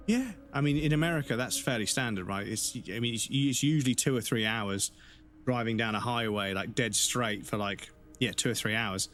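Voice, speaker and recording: A man's voice: medium pitch, a bit bright. A man chatting casually as a streamer, rambling and swearing freely. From England. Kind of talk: casual chat with viewers.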